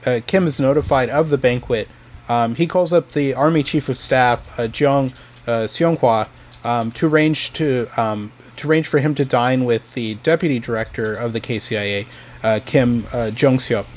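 A man's voice: mid-range voice, normal speed. A man on a casual podcast, telling a history story with many ums, uhs and restarts. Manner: hesitant, many fillers and restarts.

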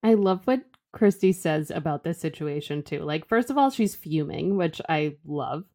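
A woman co-hosting a casual book-club podcast, retelling scenes in an amused, relaxed way. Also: low-pitched, normal speed. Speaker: podcast co-host.

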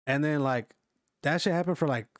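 A man's voice: on the high side, moderate pace, dry recording, clean studio sound. A young man telling a rambling, profane story to friends in casual chat, full of fillers.

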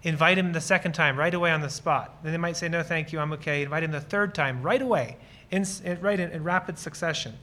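A man's voice: on the high side, quick pace, hardly any pauses, pushed and bright. A man from Lancaster County, Pennsylvania, giving an earnest, enthusiastic ministry talk with audience questions and personal stories. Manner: acts out short bits of dialogue while explaining. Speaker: guest speaker on ministry.

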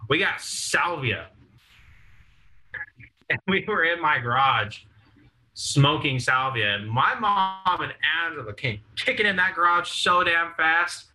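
A man's voice: on the high side, slow, low-quality recording. A young man casually telling crude, laughing stories to friends on a podcast. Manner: crude, laughing, animated storyteller. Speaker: podcast co-host. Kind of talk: casual storytelling chat.

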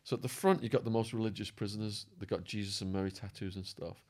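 Low-voiced man telling prison stories. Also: fast talker. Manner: animated storyteller acting out quotes with swearing. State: voice going hoarse. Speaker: podcast guest. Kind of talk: storytelling in an interview.

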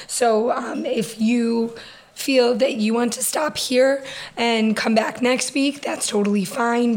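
A woman co-hosting a podcast, telling a story in a chatty way and laughing often. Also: fairly high pitch. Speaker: podcast co-host. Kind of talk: casual chat.

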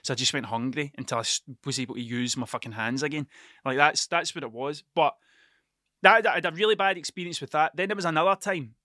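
A man's voice: on the high side, fast talker, sharp tone, no room sound, clean studio sound. A middle-aged man with a Scottish accent, telling a rambling, sweary story in a casual monologue. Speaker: vlogger, musician.

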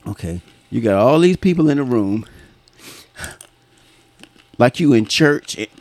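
A man's voice: medium pitch, expressive, measured pace, darkish tone, no echo. A man telling funny work stories in a profane, laughing, casual chat, often mimicking people.

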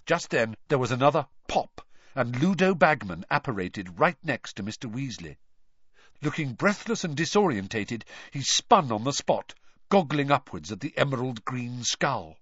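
A man narrates an audiobook with an animated, widely moving pitch and an expressive delivery. The recording is dry, with a dull, lo-fi tone. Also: moderate pace, slightly rough, no echo. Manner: expressive, lively storytelling. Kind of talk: audiobook reading.

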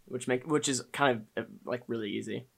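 Young male podcast co-host, laid-back, quiet, halting, lots of fillers. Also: mid-range voice, steady tone, vocal fry. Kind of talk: casual podcast chat.

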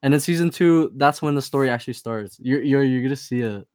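A man co-hosting a podcast in casual chat, animated, laughing often and using slang. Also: mid-range voice, fast talker, clear, resonant tone, no room sound, clean studio sound. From Filipino family. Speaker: podcast co-host.

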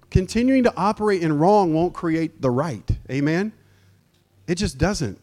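A man's voice: sits high, expressive, normal speed, a little mellow. A male pastor preaching a sermon in an emphatic call-and-response manner, quizzing the congregation.

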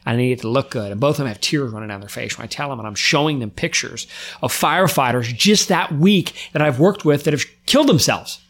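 A middle-aged firefighter appears as a podcast guest and tells a personal story with raw emotion, speaking fairly quickly in an expressive, mid-range voice. He often repeats and restarts his words, his voice climbing when he gets worked up and then trailing off quietly.

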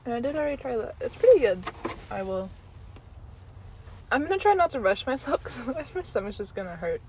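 A woman's voice: a little high, sing-song, brisk, darkish tone, a little hiss or hum, rough recording. A young woman giving a casual, rambling food review while eating, chatty and giggly with many ums. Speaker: vlogger.

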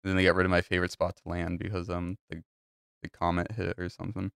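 A man's voice: deep voice, monotone, quick pace, creaky, fairly bright tone, clear, resonant tone, no echo, clean studio sound. A man hosting a casual podcast chat with friends, rambling and swearing freely. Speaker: podcast host.

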